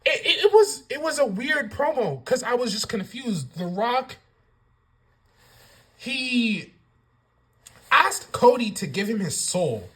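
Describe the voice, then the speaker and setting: A woman's voice: fairly high pitch, slow, pauses often, echoey room, poor audio. A woman giving a casual wrestling show review, ranting with lots of swearing. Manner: profane, animated ranting.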